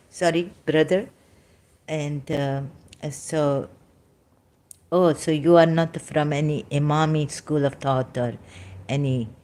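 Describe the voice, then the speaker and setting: A woman with a deep, darkish voice, an ex-Muslim debater, argues religion in a heated debate. She is dramatic, interrupts herself, and often adds apologetic asides.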